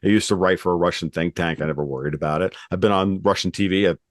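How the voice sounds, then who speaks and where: A man's voice: sits low, fast talker, no echo. A man from the United States, a political commentator who talks bluntly in a casual discussion, swearing and restarting his sentences.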